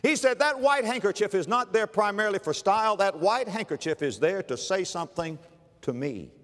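A man preaches with a fairly high, very animated voice. He swings from ringing emphasis to hushed, low passages, and his voice trails off in the long reverb of a large hall. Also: a little fast. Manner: dramatic preaching with sudden drops to a hushed, low delivery. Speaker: pastor. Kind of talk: sermon.

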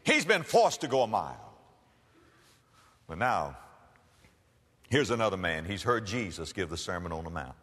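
A man preaching a sermon, telling a story dramatically and swinging between loud and hushed. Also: low-pitched, animated, moderate pace, pauses often, big-room sound.

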